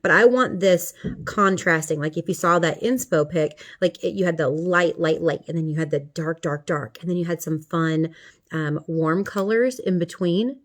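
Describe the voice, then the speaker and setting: A woman's voice: fairly low pitch, normal speed. A middle-aged woman talking viewers through a makeup tutorial in a chatty, playful way. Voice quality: chatty, playful, talks to viewers as she works. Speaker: makeup vlogger.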